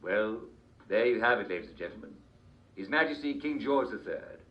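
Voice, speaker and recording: An actor playing a cheery, smooth TV host in a video game broadcast, with an upbeat announcer delivery. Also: male voice, fairly low pitch, animated, moderate pace, dull audio, lightly acted. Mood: chipper. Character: cheery smooth male TV host of a dystopian show.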